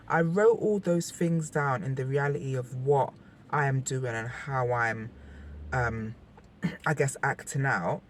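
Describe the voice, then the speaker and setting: A woman's voice: very deep voice, moderate pace, slight background noise. A young woman talking candidly to camera in a personal vlog, emotional and rambling, often restarting her sentences. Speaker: vlogger.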